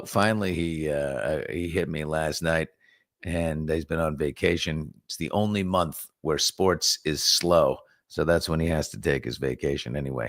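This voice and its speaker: A middle-aged man from New York with a New York accent, hosting a morning chat show and telling stories in an animated, casual way. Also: rumbling low, unhurried, no room sound, clean studio sound. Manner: animated storyteller, reads viewer comments aloud.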